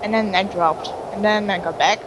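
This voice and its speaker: A woman's voice: mid-range voice, fairly even intonation, moderate pace, background noise. A woman playfully chatting and laughing over online voice chat during a game session. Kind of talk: casual gaming chat.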